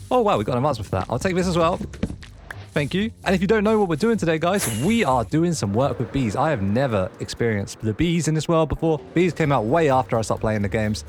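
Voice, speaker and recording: Lively excitable guy narrating his game, voice jumps up and down a lot, soft music behind. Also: fairly high pitch, a little fast. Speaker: let's play host. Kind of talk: gameplay commentary.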